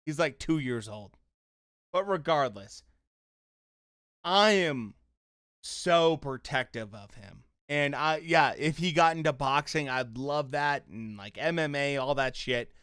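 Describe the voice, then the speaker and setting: A young man streaming a live reaction, angry and profane, shouting bursts that trail off into mutters. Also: a little high, expressive, takes it slowly, clear, resonant tone, dry recording, clean studio sound. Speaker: streamer reacting to a boxing fight.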